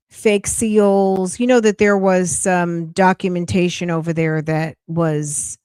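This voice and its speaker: A woman's voice: fairly low pitch, a little mellow, clear, resonant tone, no room sound, clean studio sound. A woman hosting a casual livestream, chatting and thanking viewers as she thinks aloud. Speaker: podcast host. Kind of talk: casual livestream reaction chat.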